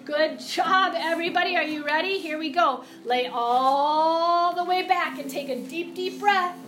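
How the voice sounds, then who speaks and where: High, playful woman teaching kids' yoga. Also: measured pace, fairly bright tone. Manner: playful, encouraging, with sing-song animal cues. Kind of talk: guiding a children's yoga class. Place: classroom or studio with music playing. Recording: echoey room, music behind.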